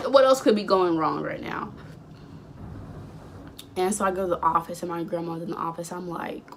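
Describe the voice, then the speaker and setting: A young woman in her late teens chatting casually, rambling through a storytime and acting out the dialogue with sudden high outbursts. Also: moderate pace, long pauses, a little hiss or hum. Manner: acts out quoted dialogue. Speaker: vlogger.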